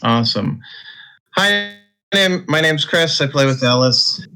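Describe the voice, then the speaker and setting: A man's voice: fairly high pitch, expressive, a little slow, sharp tone, slight background noise, poor audio. A man introducing himself and his character politely for a tabletop game. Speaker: player. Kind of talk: casual introduction.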